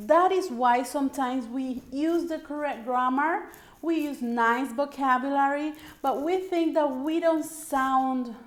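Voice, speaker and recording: A slow-speaking woman with a fairly high voice coaches English intonation. She explains patiently and models example sentences aloud. The room gives her voice a noticeable echo. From Paraguay. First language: Spanish. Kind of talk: online language lesson.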